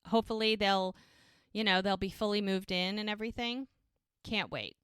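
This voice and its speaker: A woman's voice: medium pitch, fairly even intonation, moderate pace, a bit bright, clean tone, no room sound. A woman co-hosting a podcast, casually retelling TV scenes and quoting the characters' lines. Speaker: podcast co-host recapping episodes. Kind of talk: casual recap chat.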